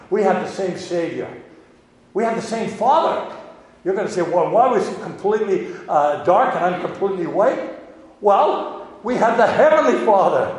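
An older Canadian man and missionary preacher, giving a sermon testimony with a chuckling, self-deprecating storytelling manner, recorded in a large hall. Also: high-pitched. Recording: echoey hall with long reverb.

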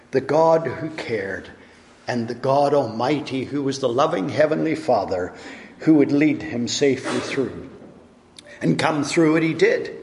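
Earnest male preacher in an echoing hall. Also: mid-range voice. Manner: earnest, storytelling, rising and falling emphasis. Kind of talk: sermon. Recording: long echo of a large hall.

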